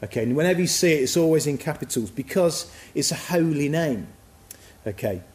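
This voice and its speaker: Guy giving a sermon, warm mellow voice, thinking out loud, echoey room. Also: a little high, expressive, fairly quick. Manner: reflective, musing, conversational. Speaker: preacher.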